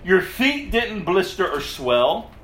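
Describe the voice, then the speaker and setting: A man preaching a sermon as pastor, animated, laughing often and mimicking whiny voices. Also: high voice, slow, roomy sound, low-quality recording.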